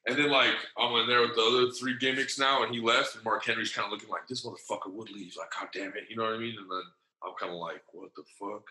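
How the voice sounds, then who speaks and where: Low-ish bright voiced guy telling a story, lots of slang and cussing, "like" everywhere, echoey room. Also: steady tone, fast talker. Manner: slangy and profane, rambling with many fillers; acts out other people's lines in changed voices. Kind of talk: casual storytelling.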